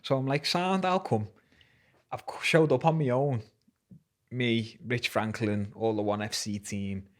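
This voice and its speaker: In a lowish voice with fairly even intonation and normal speed, a young Scouse-accented MMA fighter from Liverpool tells a story as a guest. The chat is casual, laced with swearing and slang.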